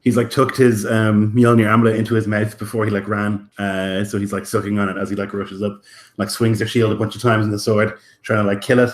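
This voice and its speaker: A man's voice: lowish voice, level tone, fairly quick. A man playing a tabletop game, casually describing his character's moves and dice rolls. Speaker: player.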